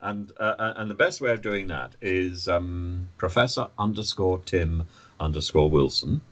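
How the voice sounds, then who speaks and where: A man talking as a podcast guest, animated, often stammering and restarting his sentences. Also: deep voice, normal speed. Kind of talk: conversational podcast interview.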